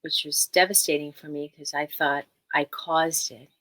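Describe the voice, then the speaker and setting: A woman's voice: sits low, steady tone, moderate pace, pushed and bright. Woman therapist explaining emphatically. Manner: emphatic, teaching, repeats key phrases. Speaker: therapist guest. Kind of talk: earnest podcast interview.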